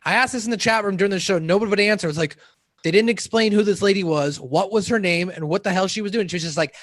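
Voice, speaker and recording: A man guesting on a podcast who talks animatedly and jokes bluntly. His voice sits higher than most men's. The recording is dry, with no room sound. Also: animated, fast talker, no room sound. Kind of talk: casual podcast chat.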